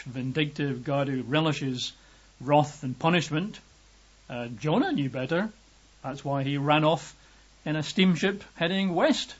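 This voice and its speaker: A man from Britain preaching a lively, emphatic sermon, raising his voice to act out quotes. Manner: lively emphatic, acts out quotes with raised pitch. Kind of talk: sermon teaching. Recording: dull lo-fi recording.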